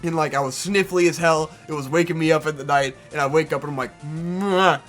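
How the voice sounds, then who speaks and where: A man co-hosting a casual chat, telling a long story in an animated way and swearing freely. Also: on the high side, fast talker, faint music behind. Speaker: co-host.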